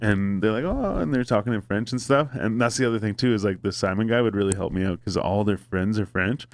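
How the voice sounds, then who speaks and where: A man's voice: lowish voice, fairly even intonation, fast. A man telling a long story in casual podcast chat, rambling and swearing, with many fillers.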